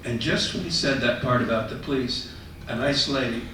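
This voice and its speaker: A man telling a personal story to an audience in a conversational, animated way. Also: medium pitch, normal speed, a little hiss or hum. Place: retirement residence common room. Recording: echoey room, mic far off.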